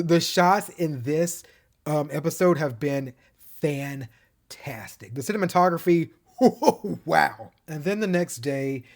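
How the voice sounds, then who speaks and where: A man recapping and reviewing a TV show in a casual, gushing way, laughing often. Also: a little high.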